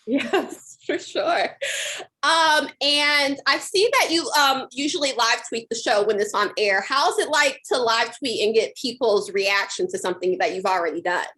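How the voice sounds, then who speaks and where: A woman's voice: fairly high pitch, normal speed, sharp tone. A young woman interviewing an actress, asking upbeat questions peppered with "like" and "kind of.". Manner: upbeat, filler-laden, "like" and "kind of".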